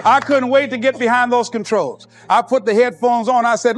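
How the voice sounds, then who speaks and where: An older man giving a motivational speech, telling stories in an emphatic, rhythmic way that drops to a quiet confessional tone. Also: very high-pitched, moderate pace, hardly any pauses, soft background music. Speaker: motivational speaker.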